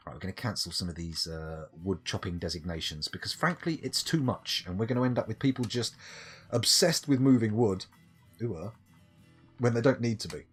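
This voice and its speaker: A man's voice: on the low side, husky. A man chatting wryly with his live chat while playing a game, rambling from thought to thought. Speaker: streamer.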